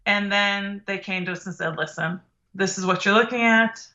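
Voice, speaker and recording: A middle-aged woman tells a personal story as a podcast guest. She acts out what people said and restarts her sentences as she goes. Her voice is bright and forceful, and the recording sounds dull and lo-fi. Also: mid-range voice. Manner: animated, acts out quoted dialogue, halting restarts.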